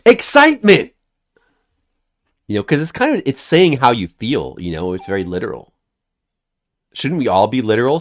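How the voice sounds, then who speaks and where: A man streaming a video game who rambles in a goofy, joking way and talks to his chat. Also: on the low side. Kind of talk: casual game-stream chatter.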